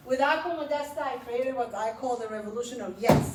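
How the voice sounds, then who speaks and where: Animated storytelling woman, roomy distant sound. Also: fairly high pitch, a little fast, hardly any pauses, very noisy. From Iran. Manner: animated, laughs often while telling stories. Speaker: author speaking at a book event. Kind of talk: storytelling talk to an audience. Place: library event room.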